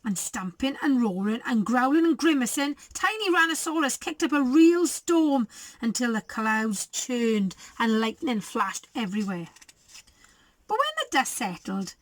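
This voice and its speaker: Animated teacher reading a story. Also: female voice, fairly high pitch, normal speed. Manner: animated, coaxing and chatty with children. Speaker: primary school teacher. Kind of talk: storybook read-aloud for young children.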